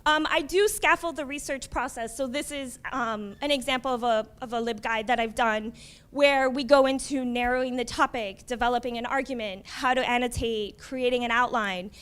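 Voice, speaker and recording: High-voiced woman librarian presenting at a talk. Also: fairly even intonation, moderate pace, a bit bright, smooth. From United States. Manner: conversational, frequent "um" and "right?" tags. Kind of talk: conference presentation.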